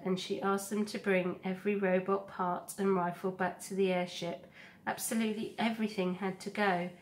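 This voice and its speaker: A woman teacher reading a children's novel aloud to a class in a slow, steady storybook manner. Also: mid-range voice, a little hiss or hum.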